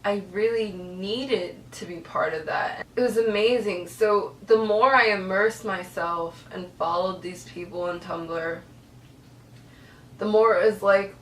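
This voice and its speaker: A woman's voice: medium pitch, measured pace, a bit bright, distant mic, a little hiss or hum. A young woman telling a personal story to camera, earnest and emotional. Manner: earnest, emotional, tearful at times. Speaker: vlogger. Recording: echoey room, voice a bit off-mic.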